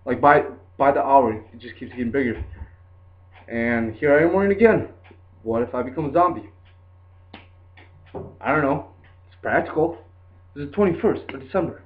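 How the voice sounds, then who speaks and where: Long pauses break up a young man's rambling, easygoing story, which he tells at a normal speed with lively intonation in a medium-pitched voice. He leans heavily on words like "like" and "dude," and the sound is tinny and phone-like.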